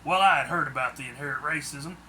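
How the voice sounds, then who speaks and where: A man's voice: fairly high pitch, quick pace, bright, forceful tone, a little hiss or hum. A man narrating his own book in the first person, plain audiobook storytelling.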